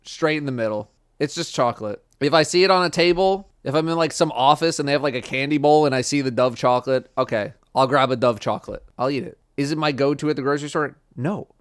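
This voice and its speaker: A man streaming casual chat, blunt and profane, dropping to flat mumbles and jumping to loud outbursts. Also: medium pitch, fast, clear, resonant tone.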